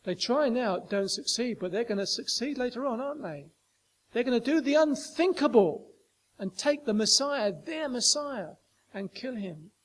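A man with a notably high voice delivers a sermon. He talks emphatically, repeating phrases for weight and putting questions straight to his listeners. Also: lively intonation, moderate pace. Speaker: preacher.

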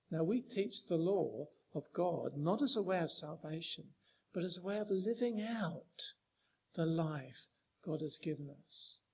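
A man preaching a sermon, talking with emphatic rises and frequent rhetorical questions to the congregation. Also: high voice.

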